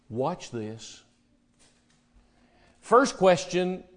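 Preacher guy, kinda high voice, goes loud and emphatic then drops real quiet. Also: wildly swooping pitch, takes it slowly, long pauses. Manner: swings between loud emphatic preaching and hushed, quiet retellings of dialogue. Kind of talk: sermon.

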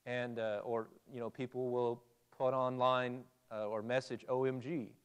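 A man's voice: medium pitch, level tone, unhurried, smooth. A man preaching a conversational Bible sermon, asking his listeners questions and reading scripture aloud. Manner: conversational, asks the audience questions.

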